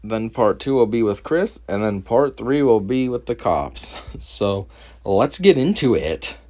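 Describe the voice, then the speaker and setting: A young man from Connecticut doing a mocking reaction commentary over a video, laughing often and pausing the clip to remark on it. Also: on the low side, very animated, darkish tone. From Connecticut, USA. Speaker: commentary host.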